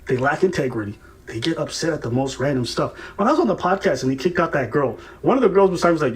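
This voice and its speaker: A man's voice: fairly high pitch, quick pace. A man co-hosting a reaction show, mocking and swearing as he gives heated commentary. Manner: animated, mocking, profane, laughs at his targets.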